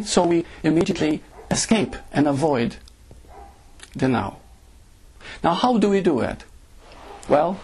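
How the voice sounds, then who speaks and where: A man's voice: fairly high pitch, creaky, a little mellow, breathy edge. A man giving a satsang talk as a spiritual teacher, speaking to a group and often asking "you see?".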